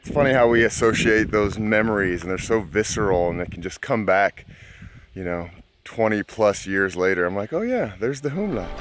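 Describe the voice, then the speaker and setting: A man's voice: lowish voice, fairly even intonation, moderate pace, background noise. Upbeat man vlogging outdoors. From United States. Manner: chatty, upbeat, laughs often. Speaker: bikepacking vlogger. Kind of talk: casual travel vlog to camera. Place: outdoors on country roads.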